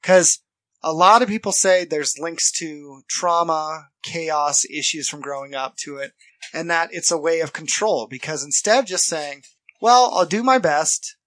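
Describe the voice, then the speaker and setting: A man's voice: on the high side, a little slow, fairly bright tone, no room sound. A man co-hosting a podcast, talking earnestly in casual chat and acting out what other people say. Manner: earnest, quotes others in put-on voices. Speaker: podcast co-host.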